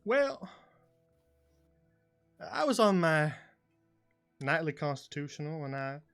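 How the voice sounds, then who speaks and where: A man's voice: on the high side, very animated, slow pace, fairly bright tone, faint music behind, heavily acted. A man voicing an evasive, folksy middle-aged innkeeper with a put-on Southern drawl, hesitant and rambling.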